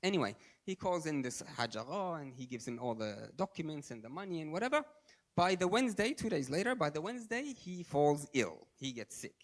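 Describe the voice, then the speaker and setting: Guy preaching a sermon, telling stories, drops soft then gets loud on key words. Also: sing-song, fairly quick. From Australia. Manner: storytelling, shifting between soft low asides and raised emphatic lines; sprinkles Arabic and Farsi religious phrases. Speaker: speaker at a religious gathering.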